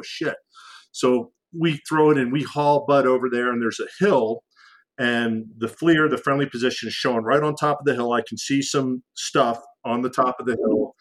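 On a low-quality recording, a former military pilot speaks in a mid-range, somewhat bright voice. He's a guest telling a conversational story, stumbling through fillers and restarts and loudly imitating radio transmissions.

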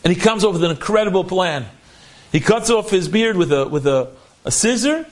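A man's voice: sits high, expressive, fairly quick. A man earnestly retelling an inspiring story he heard from a friend, sprinkling in Yiddish and Hebrew words.

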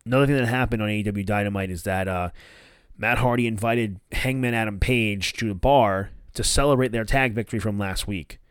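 A man hosts a casual solo review, rambling with restarts and offhand swearing. His voice is smooth and resonant. The recording is dry and close. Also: lowish voice, fairly quick, no room sound. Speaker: wrestling podcast host.

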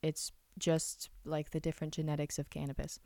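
A woman's voice: low voice, monotone, normal speed, darkish tone, no room sound. A young woman hosting a casual solo podcast, chatty and enthusiastic, acting out little scenes as she explains. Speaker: podcast host.

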